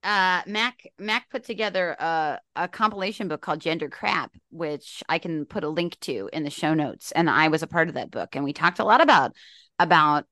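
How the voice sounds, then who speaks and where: A woman hosting a podcast in casual conversation, animated and emphatic. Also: sits low, normal speed, dry recording, clean studio sound. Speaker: podcast host.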